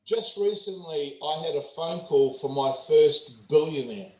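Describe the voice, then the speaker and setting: A man's voice: on the high side, unhurried, a little hiss or hum. Blunt, swearing New Zealand man. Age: 40s. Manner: blunt, profane, animated storyteller. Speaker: guest performance coach. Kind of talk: casual interview storytelling. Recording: roomy echo.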